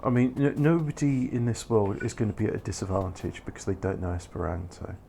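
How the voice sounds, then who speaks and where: A man's voice: lowish voice, animated, a little fast, gravelly, dark tone, a little hiss or hum. A man giving casual, rambling commentary while playing a factory-building game, correcting himself and making wry asides. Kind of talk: casual let's-play commentary.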